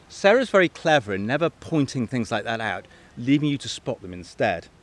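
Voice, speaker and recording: A man's voice: mid-range voice, brisk, hardly any pauses. A man reading a children's picture book aloud with enthusiastic commentary. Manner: lively, enthusiastic, expressive. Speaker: bookshop reader.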